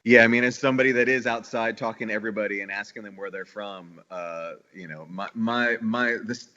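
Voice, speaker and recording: A man from the New York area chats as a guest in a podcast interview. His voice sits low and comes through a dull, lo-fi recording. He talks eagerly in long rambling runs, often restarting his sentences. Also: fairly quick, pushed and bright. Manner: enthusiastic, rambling with many restarts. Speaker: guest, bakery owner.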